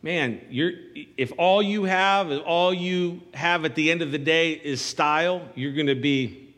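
A man's voice: fairly high pitch, a little slow, a bit bright, long reverb tail. A man preaching a sermon in a church, speaking conversationally and asking the congregation for an amen. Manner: conversational preaching with call-and-response asides. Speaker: pastor.

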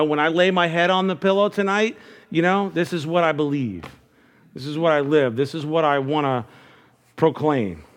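Middle-aged male pastor, slightly high voice, earnest, folksy preaching with lots of restarts. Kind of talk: sermon.

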